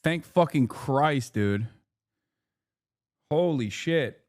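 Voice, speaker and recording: A man in his thirties reacting live on stream, his voice a touch higher than most men's. He talks in a profane, heated, mocking way, with sudden laughs and sarcastic impressions. The sound is close and dry with no room around it. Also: expressive, extremely slow, darkish tone, dry recording. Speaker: livestream commentator. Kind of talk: reacting to clips and articles on stream.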